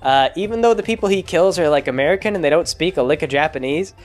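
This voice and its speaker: Sarcastic male host, fairly high voice, loose and rambling. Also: quick pace, faint music behind. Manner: rambling, sarcastic, self-interrupting. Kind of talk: comedic movie recap.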